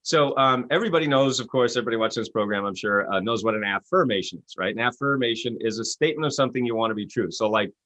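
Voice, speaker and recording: Rapid-fire and barely pausing, a male author and coach spins stories as an interview guest. He's animated, acting out the quoted voices with his pitch going up, and the recording is dry.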